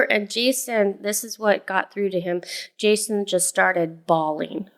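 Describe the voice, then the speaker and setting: Gravelly-voiced woman telling a story. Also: mid-range voice, measured pace. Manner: storytelling with many fillers and restarts. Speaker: podcast co-host, mother. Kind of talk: casual chat.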